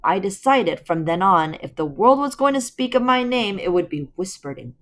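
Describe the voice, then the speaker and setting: A woman's voice: mid-range voice, sing-song, normal speed, a bit bright, voice pushed up. A woman voicing a bitter, vengeful female enchantress villain from a storybook, speaking in grand threats.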